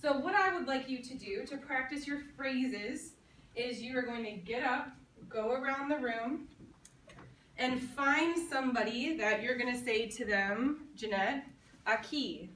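A woman teaching a high school Spanish class, saying phrases for the students to repeat and then translating them. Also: a little slow, a bit bright, slight background noise. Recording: echoey classroom from far off.

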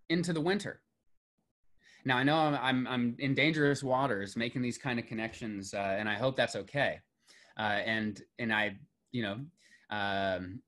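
Middle-aged guy teaching a class, medium voice, gets animated on lists then trails off quiet. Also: mid-range voice. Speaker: mythology lecturer. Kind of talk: classroom lecture.

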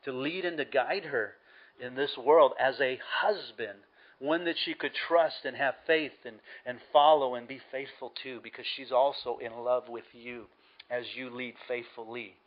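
A man's voice: medium pitch, fairly even intonation, normal speed, muffled recording. A man preaching a sermon as pastor, earnest and emphatic, repeating key words for stress.

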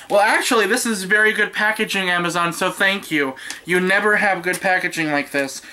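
Excitable young woman with a bright voice. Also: mid-range voice, normal speed, hardly any pauses, a little hiss or hum. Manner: excitable, squealing and laughing, swears casually. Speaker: YouTuber opening a gift. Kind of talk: casual unboxing vlog. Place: her own room at home. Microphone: camera on a stand in front of her.

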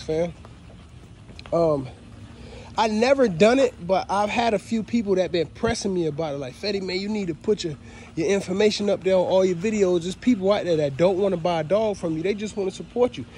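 In this casual thank-you vlog, a man who breeds dogs speaks warmly to his audience, repeatedly addressing them as "fam." He records on a phone while strolling outside at his kennels. His voice is high and mellow, with a faint hiss or hum in the audio.

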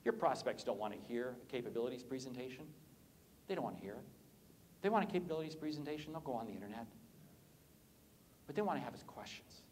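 A man giving an energetic conference keynote on sales, joking with the audience and swinging his voice up and down for effect. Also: quick pace, long pauses, a little hiss or hum. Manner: animated, swoops pitch up and down, jokes with audience. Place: conference hall.

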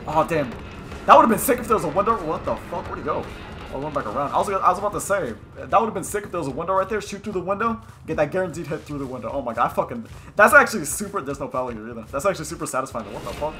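Young guy streaming a game, high lively voice, swears a ton and yells at people, game music going behind him. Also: quick pace. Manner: excitable, swears a lot, yells at players, mutters tactics. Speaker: gaming YouTuber. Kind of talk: live gameplay commentary.

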